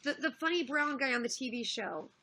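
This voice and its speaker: Bright-voiced woman chatting on a livestream. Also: sits high, a little fast, breathy edge. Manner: rambling, animated retelling with frequent restarts and swearing. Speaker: livestreamer reading chat. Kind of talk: casual livestream chat.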